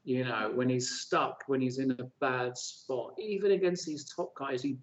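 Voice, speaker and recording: A man's voice: medium pitch, normal speed. Easygoing teasing man co-commentating. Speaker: chess co-commentator. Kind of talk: casual live-stream chess commentary. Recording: dull lo-fi stream audio.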